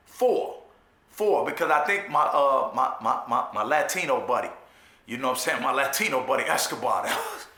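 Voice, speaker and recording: A man casually retelling a personal story, using profane street slang and often asking "you know what I'm saying". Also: on the high side. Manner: animated retelling with restarts and repetitions. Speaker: storyteller recounting his jail time. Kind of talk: casual spoken storytelling monologue. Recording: echoey room.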